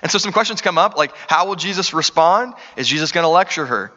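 A man's voice: fairly high pitch, lively intonation, fast talker, bright, forceful tone. Man, pastor, sermon, earnest conversational preaching, dull muffled sound, long hall reverb.

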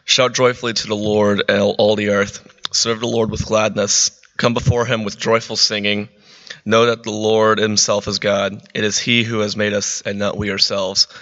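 A man reading scripture aloud in a measured, even way. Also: lowish voice, in a large hall, lo-fi sound. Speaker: scripture reader.

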